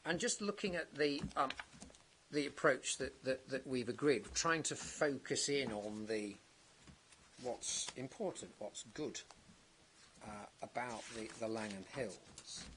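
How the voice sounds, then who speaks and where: A man cross-examining a witness at a planning inquiry, measured and halting, with many restarts and tag questions. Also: medium pitch, a bit bright, a little hiss or hum. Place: public inquiry hearing.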